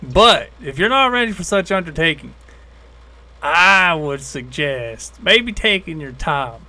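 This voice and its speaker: A man voicing a folksy male god who speaks calmly with a laid-back drawl and a quiet menace, in a tabletop role-play. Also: fairly high pitch, unhurried, heavily acted. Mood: drawling warning.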